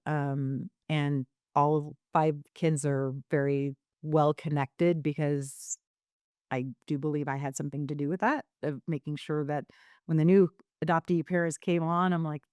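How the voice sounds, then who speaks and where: A woman's voice: deep voice, normal speed, a little mellow, smooth, no echo, clean studio sound. A woman guest on a podcast telling her story candidly, rambling with many fillers and restarts.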